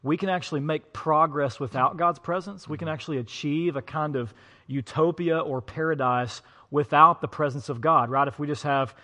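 A man's voice: fairly high pitch, moderate pace, sharp tone. A man pastor co-preaching an online sermon in an empty church, easygoing and joking, with fillers. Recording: long reverb of an empty hall.

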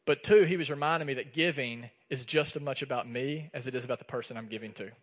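Talking fast in a mid-range voice, a pastor preaches and tells a personal story with plenty of animation, performing the dialogue as he goes. The church sanctuary lends the recording a long hall reverb.

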